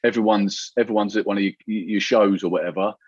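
A man chatting casually on a podcast, chipping in with quick jokes and agreement. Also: lowish voice, fairly even intonation, breathy edge, dry recording, muffled recording. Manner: short agreeing interjections, joking. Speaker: podcast guest. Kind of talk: casual chat.

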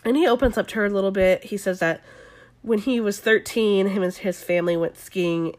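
Podcast host, young woman, SoCal accent, flu-hoarse, casual and sweary. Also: mid-range voice, fairly quick. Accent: Southern Californian. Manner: chatty, swearing, many likes and ums. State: sick with flu. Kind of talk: casual reality-show recap.

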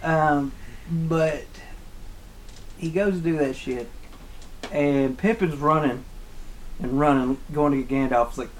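A man's voice: fairly high pitch, steady tone, slow, pauses often, rough recording. A man in his twenties co-hosting a podcast, casually retelling movie scenes with profane jokes. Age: 20s. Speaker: podcast co-host. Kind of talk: casual movie recap chat.

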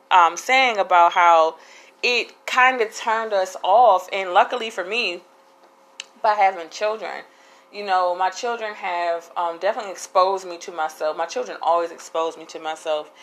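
A woman's voice: medium pitch, fairly bright tone, rough recording. A woman hosting a casual solo podcast, talking candidly in a rambling way with frequent restarts. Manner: candid, rambling, laughs between thoughts. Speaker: podcast host.

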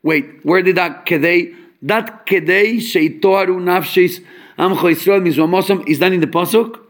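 Animated high-voiced man teaching Torah. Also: moderate pace. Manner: animated, explains with homely examples; mixes English with Hebrew and Yiddish terms. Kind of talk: fabrengen talk on Chassidic teachings.

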